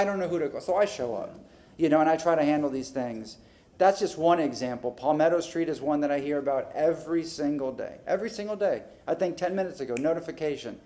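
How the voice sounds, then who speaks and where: A male city council member airing his frustrations at a public meeting, talking in an animated way and acting out conversations, into a desk microphone in a council chamber. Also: a little high.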